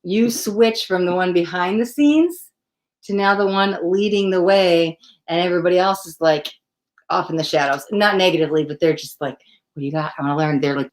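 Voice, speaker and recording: A woman hosting a live psychic tarot reading, talking straight to the viewer in a chatty, excitable way and often breaking off mid-sentence. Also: on the low side. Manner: chatty, excitable, self-interrupting, addresses viewer directly. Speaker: psychic tarot reader, host.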